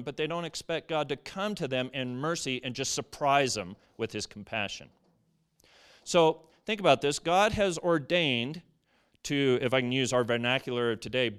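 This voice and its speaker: A man preaching a sermon to a church congregation, reading scripture aloud and explaining it in an animated way. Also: mid-range voice, smooth.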